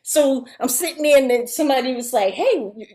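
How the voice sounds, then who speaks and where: With a high voice and a brisk delivery, this middle-aged woman, a guest actress, recounts a story animatedly and casually. She laughs frequently and acts out what other people said in their voices.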